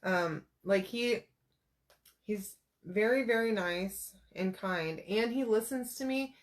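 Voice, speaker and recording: A woman's voice: mid-range voice, slow. A woman in her thirties chatting casually while crafting, telling rambling personal stories with lots of fillers. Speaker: crafter vlogger.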